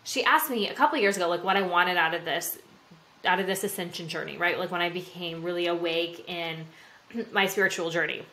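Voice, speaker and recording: A woman in her thirties hosting her own podcast in casual solo talk, frank and swearing freely, acting out quotes with sudden jumps in pitch and volume. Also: a little fast, pushed and bright. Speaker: podcast host.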